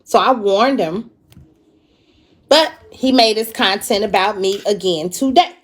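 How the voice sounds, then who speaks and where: A woman hosting a live stream, confrontational and profane as she issues warnings, stretching out words for emphasis. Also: medium pitch. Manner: drawn-out emphatic delivery.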